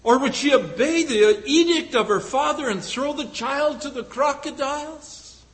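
Male preacher, high voice, storytelling sermon, rhetorical questions, halting fillers. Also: a bit bright, rough recording.

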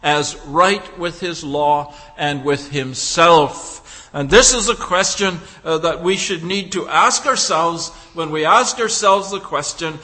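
A man preaching a sermon, building his points through deliberate rhetorical questions. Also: fairly high pitch, sharp tone, long reverb tail.

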